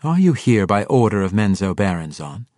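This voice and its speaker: A sharp, demanding female dark-elf high priestess who speaks curtly, voiced by a man reading aloud. The voice stays low with lively pitch movement. It is recorded close and dry. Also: moderate pace, no echo. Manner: curt, demanding.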